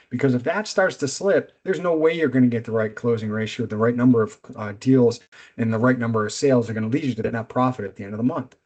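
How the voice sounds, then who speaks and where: A middle-aged man presenting a business seminar as a coach, speaking in a direct, energetic, instructive way. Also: mid-range voice, fast.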